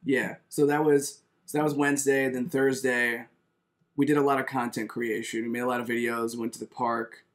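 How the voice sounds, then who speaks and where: A young man hosting his own video, chatting casually with a friend in an animated, self-mocking way. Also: mid-range voice, normal speed. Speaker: YouTuber host. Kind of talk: casual chat.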